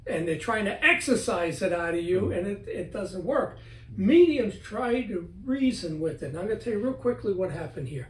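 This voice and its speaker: A middle-aged guest author with a high voice talks at a normal speed during a casual interview at home. He is an animated storyteller who acts out what he said, and the recording is roomy and distant with faint ambience.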